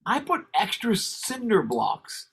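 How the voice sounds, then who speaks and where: A man's voice: high-pitched, wildly swooping pitch, slow, fairly bright tone, slightly rough. A man co-hosting a podcast, rambling through casual stories and laughing as he talks. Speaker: podcast co-host. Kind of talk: casual chat.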